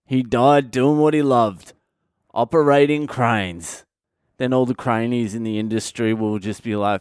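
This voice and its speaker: A man's voice: mid-range voice, steady tone, unhurried, a little mellow, clean tone, no echo, studio quality. A man, a comedian and podcast host, telling rambling stories in a profane, casual comic monologue.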